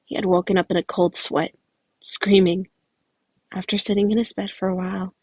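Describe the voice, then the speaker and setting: Casual woman podfic reader; gravelly, husky, very dry recording. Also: mid-range voice, a little mellow, no echo, poor audio. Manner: casual, self-correcting with chatty asides. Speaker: fan fiction reader. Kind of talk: podfic narration.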